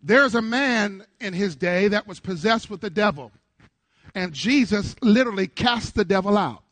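A middle-aged male pastor preaching a sermon to his congregation in church, with call-and-response that swells into shouts. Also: high voice, lively intonation, moderate pace, no echo.

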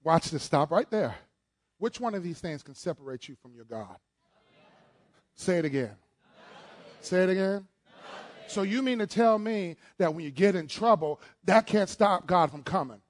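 A man preaching a sermon as pastor, leading call-and-response, shouting at peaks, then dropping to low asides and joking with the congregation. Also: expressive, moderate pace. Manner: playful, jokes with the congregation.

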